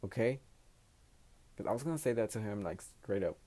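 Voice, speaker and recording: A man's voice: on the low side, animated, fast, dark tone. A man hosting his own podcast in a casual solo monologue, a native Spanish speaker talking in English, giving blunt, profane, rambling advice. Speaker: podcast host.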